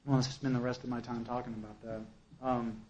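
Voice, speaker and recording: A man's voice: medium pitch, quick pace, lo-fi sound. A man telling his own recovery story to a group, acting out conversations with humor and self-mockery. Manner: animated storyteller, acts out dialogue, self-deprecating. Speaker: speaker sharing recovery story. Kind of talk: personal testimony talk.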